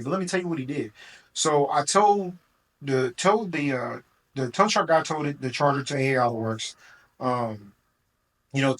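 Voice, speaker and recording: A man's voice: mid-range voice, a bit bright, poor audio. A man who runs a car rental business, telling a long story in a casual, rambling way, full of fillers and quoted back-and-forth.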